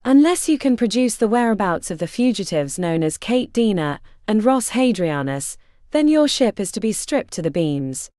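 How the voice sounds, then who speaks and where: A cold, officious male captain reading out arrest orders in a clipped, formal tone, as a woman narrating puts him on. The pitch moves freely across lines. The sound is dry and close. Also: very animated, moderate pace, dark tone, dry recording, natural voice.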